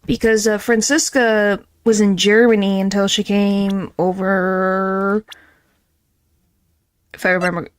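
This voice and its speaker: A woman's voice: mid-range voice, level tone, slow pace, long pauses. Chatty woman game streamer. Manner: chatty, playful, talks to herself. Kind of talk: casual chat.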